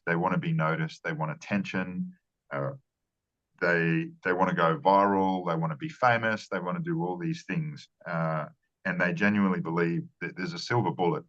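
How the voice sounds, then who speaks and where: Deep-voiced earnest man, lo-fi. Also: fairly bright tone. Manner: earnest, repeats words and restarts phrases. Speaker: marketing strategist guest. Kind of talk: conversational interview answers.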